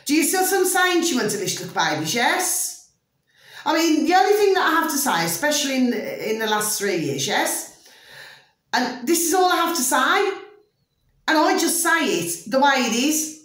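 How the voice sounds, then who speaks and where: A woman's voice: sits high, expressive, moderate pace, a bit bright, heavy reverb, distant mic. A woman vlogger in an opinionated monologue, emphatic and ranting, forever asking her viewers if they see what she means. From United Kingdom.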